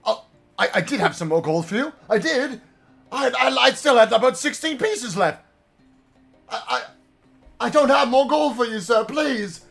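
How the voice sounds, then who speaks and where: A man's voice: very high-pitched, expressive, moderate pace, creaky, long pauses, fairly bright tone, soft background music, voice pushed up, heavily acted. A man voicing a cowardly, drunken male gambler who whines, stammers and begs. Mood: stammering. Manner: whining, stammering, begging.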